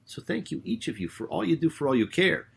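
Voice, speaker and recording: A man, a rabbi hosting his own show, giving a spoken sermon with emphatic, drawn-out words. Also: a little high, very animated, vocal fry, slightly rough. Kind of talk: spoken sermon with prayer and sung hymn.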